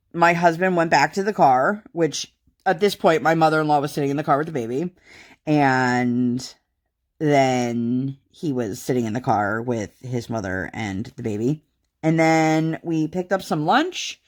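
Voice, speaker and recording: Casting: woman, 30s, low voice, chatty rambling vlogger, lots of "um" and "like". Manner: rambling, many fillers. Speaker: craft vlogger. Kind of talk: casual chat.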